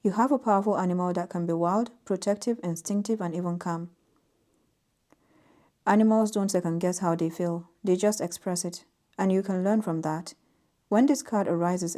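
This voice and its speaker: A woman giving an intuitive tarot reading to camera, reading out card meanings in a soft, gently emphatic way. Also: fairly low pitch. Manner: soft-spoken, reads oracle card text aloud with gentle emphasis. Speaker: tarot reader.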